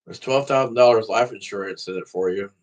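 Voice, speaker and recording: A man's voice: lowish voice, fairly quick. A man talking straight to the camera in a casual vlog, rambling and swearing freely. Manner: profane, rambling talk to camera. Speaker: vlogger.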